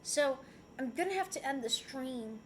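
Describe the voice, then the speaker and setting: Bright high-voiced woman streamer. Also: lively intonation, moderate pace. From Puerto Rico. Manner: chatty, giggly, playful, answers chat messages. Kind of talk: casual livestream chat, reading chat aloud.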